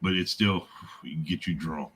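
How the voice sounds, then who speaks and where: A man's voice: deep voice, measured pace, a bit bright, breathy edge. A man chatting casually on a video call, telling drinking stories with easy chuckles. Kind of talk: casual chat.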